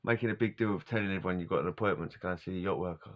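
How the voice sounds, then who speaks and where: Middle-aged man vlogging, lowish voice, wandering casual chat, muffled lo-fi recording. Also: rapid-fire. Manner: casual and wandering, laughs often, loses his words. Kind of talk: rambling personal storytelling. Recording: dull lo-fi recording.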